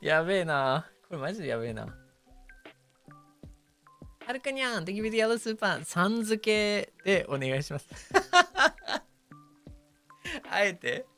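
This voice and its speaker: A man's voice: high-pitched, sing-song, brisk, pauses often, fairly bright tone, soft background music. A young man streaming casual chat, joking and laughing often as he switches between English and Japanese.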